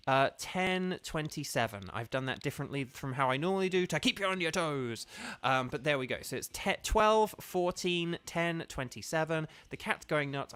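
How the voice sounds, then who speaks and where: A man's voice: on the high side, sharp tone. Chatty friendly man streaming with viewers. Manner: chatty, friendly, lots of fillers and restarts. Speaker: streamer and voice actor. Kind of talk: casual livestream chat with viewers. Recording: faint game music behind.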